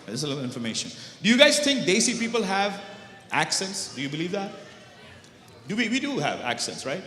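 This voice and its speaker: A high, bright-voiced man from Pakistan doing an animated stand-up set, teasing the audience and mixing in Urdu. His voice carries the long echo of a big banquet hall. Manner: animated, banters with the crowd, switches between English and Urdu. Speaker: stand-up comedian. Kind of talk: stand-up comedy.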